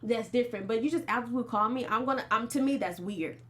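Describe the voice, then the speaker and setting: A woman's voice: fairly high pitch, fast. A woman hosting a casual panel chat, chatty and slangy, laughing often. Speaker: host.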